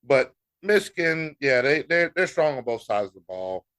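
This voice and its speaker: An American man co-hosting a sports podcast, talking in a casual, animated way with laughter and mock exasperation. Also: medium pitch, normal speed. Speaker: podcast co-host.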